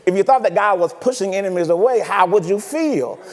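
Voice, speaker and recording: High-voiced preacher in an echoing church. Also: male voice, a little fast. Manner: animated, teasing preaching with rhetorical questions. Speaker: pastor. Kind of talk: sermon. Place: church sanctuary.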